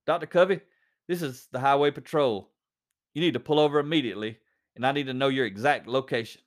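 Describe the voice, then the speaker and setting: A man voicing a firm, questioning male highway patrolman in a read-aloud story. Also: fast, natural voice. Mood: urgent.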